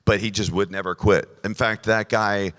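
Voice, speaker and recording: Deep voiced guy on a panel, dry jokey way of talking. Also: fairly even intonation, moderate pace, fairly bright tone. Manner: dry, joking. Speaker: voice actor on a convention panel. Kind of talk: casual panel talk. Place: convention stage.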